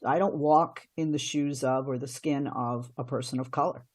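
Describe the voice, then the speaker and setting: A woman's voice: very deep voice, steady tone, moderate pace, darkish tone. A middle-aged woman, a radio host and commentator, giving earnest answers in a podcast interview, often restarting her sentences.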